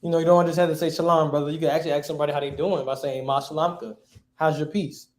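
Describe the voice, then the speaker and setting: A man's voice: fairly high pitch, fairly even intonation, very fast. A man teaching a class in a casual, slangy way, quizzing his students. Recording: echoey room.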